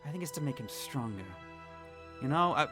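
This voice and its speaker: A man's voice: fairly high pitch, expressive, fairly quick, sharp tone, soft background music. A man doing a flustered woman on a message stone. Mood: rambling. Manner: hesitant, rambling, full of ums. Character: nervous female contact on a message stone.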